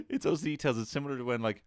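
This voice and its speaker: A man's voice: medium pitch, clear, resonant tone, no echo, clean studio sound. A young man casually telling a funny childhood story, swearing freely and breaking into laughter. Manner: animated, swearing, laughing often.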